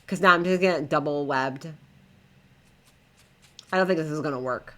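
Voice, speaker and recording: Her low voice is bright and forceful at a normal speed as this young woman live-streams a game. She talks a lot in a flustered way, addressing both herself and her in-game pets in live gameplay commentary.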